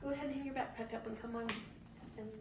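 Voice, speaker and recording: A woman with a high voice teaches a kindergarten class in a sing-song, drawn-out way, with bright praise. She is recorded from a distance. The classroom is very echoey, with a faint hiss underneath. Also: fairly even intonation, vocal fry. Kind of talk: classroom teaching to young children. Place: classroom with children.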